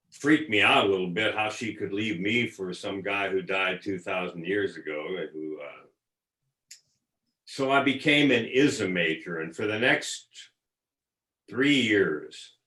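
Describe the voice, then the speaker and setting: A man in his seventies, a guest, telling a story slowly and reflectively, with some hesitation. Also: on the low side, bright, forceful tone, echoey room, rough recording. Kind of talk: casual storytelling.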